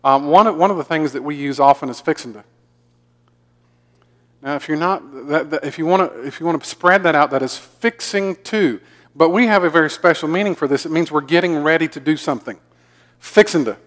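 A man's voice: on the high side, fast talker, hardly any pauses, fairly bright tone. A man from the American South with a mild Southern accent, preaching a folksy, joking sermon and often repeating his words. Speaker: pastor. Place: church sanctuary. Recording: long hall reverb.

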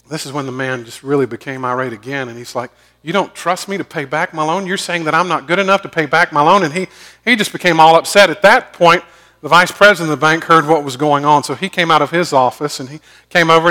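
Bright-voiced preaching man. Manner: storytelling, swinging from loud emphatic bursts to hushed low asides. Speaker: pastor. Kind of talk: sermon.

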